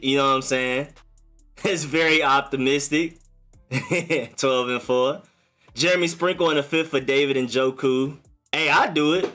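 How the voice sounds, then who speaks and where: A young man hosting a casual live stream, chatting in a relaxed way and answering viewer comments. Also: on the high side.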